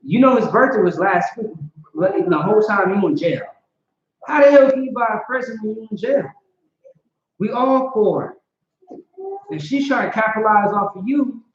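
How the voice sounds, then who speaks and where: A man's voice: high-pitched, expressive, normal speed, long pauses. A man teaching an informal scripture class, talking conversationally and often asking "you know what I'm saying". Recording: roomy, dull lo-fi.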